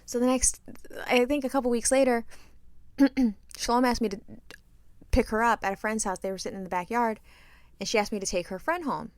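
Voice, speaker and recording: A middle-aged woman co-hosting a casual chat, telling a story in an animated, profane way and acting out what people said. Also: on the high side, fairly quick, long pauses, no echo. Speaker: podcast co-host.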